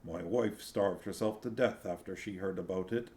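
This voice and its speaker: A man reading a novel aloud and voicing a starving male serf who speaks flatly and hopelessly, at times quavering. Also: deep voice, normal speed, natural voice. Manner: flat, dead-voiced, then quavering.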